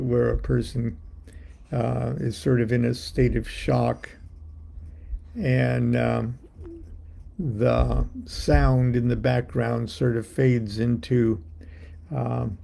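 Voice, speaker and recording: A man's voice: medium pitch, vocal fry, mellow. A man telling a personal story in a casual, rambling way, with many fillers and restarts, and now and then acting out the voices in it. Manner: playful, acting out announcements and voices. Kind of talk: casual spoken anecdote.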